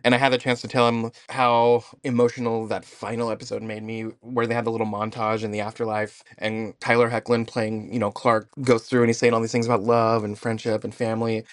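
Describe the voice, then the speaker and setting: On his casual podcast, a man eagerly describes his weekend, laughing often. He speaks at a middle pitch with a flat, brisk delivery and few pauses, and the recording is dry and close without room sound.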